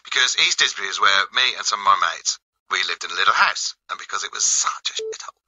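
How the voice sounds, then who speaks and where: A man in his fifties from England, guesting on a radio show and clowning through his answers. His voice swoops dramatically up and down, bright and forceful, full of mock grandeur. He rambles and teases like a showman on a studio mic. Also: on the low side, animated, quick pace, slightly rough, rough recording. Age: 50s. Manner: theatrical, mischievous, rambling. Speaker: comedian guest. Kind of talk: playful radio interview banter.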